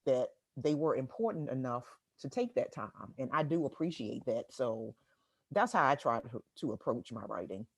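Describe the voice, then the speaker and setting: A middle-aged woman from Washington, D.C., a guest writer chatting in an interview, laughing often and pausing on fillers. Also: rumbling low, lively intonation, vocal fry, slightly rough, no echo, studio quality. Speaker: guest writer and real estate agent. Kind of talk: casual interview conversation.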